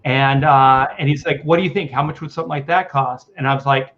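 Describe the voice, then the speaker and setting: A man's voice: medium pitch, steady tone, a little fast, highs cut off. A man, a comic artist, telling a story on a casual group video call. He acts out the other people's lines as he goes.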